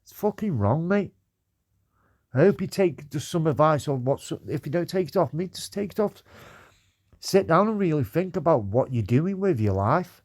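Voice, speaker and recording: A man's voice: a little high, lively intonation, normal speed, darkish tone. A man on a livestream, earnestly giving advice and pleading, with "mate" at the end of nearly every sentence. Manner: pleading, says "mate" again and again. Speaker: livestream commentator.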